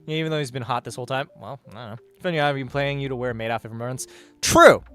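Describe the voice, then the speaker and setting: A man's voice: medium pitch, rapid-fire, clean tone, faint music behind. A man chatting casually on a livestream, reading chat and rambling with hesitant, profane asides.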